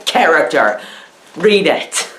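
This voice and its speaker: A woman giving a rambling, mock-earnest comedic film review, full of sarcastic, deadpan asides. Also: sits low, takes it slowly, roomy sound, background noise.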